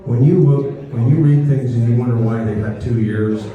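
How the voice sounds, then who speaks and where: A man's voice: medium pitch, normal speed, narrow, tinny audio. A man giving an informal, chatty history talk to a live audience, often checking in with "okay?". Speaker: history speaker. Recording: distant, very echoey room.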